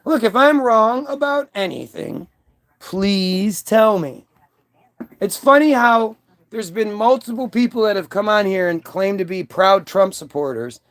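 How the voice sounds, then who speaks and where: A man's voice: high voice, unhurried, a bit bright. A man delivering a combative, profane, rambling monologue to his stream audience, often restarting his sentences. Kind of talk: ranting monologue.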